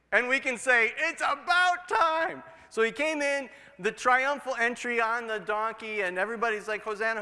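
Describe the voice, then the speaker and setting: A male pastor delivering a sermon, telling stories and acting out the people in them. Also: high voice. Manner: storytelling with animated voices for quoted people. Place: church sanctuary. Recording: reverberant sanctuary.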